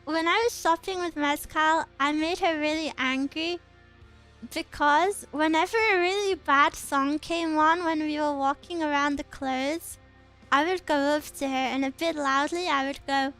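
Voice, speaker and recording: Very high-voiced giggly woman streamer. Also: fairly even intonation, a little slow, a bit bright, soft background music. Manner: giggly, laughs often between stories; playful, teasing storytelling. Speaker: VTuber streamer. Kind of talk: casual chat.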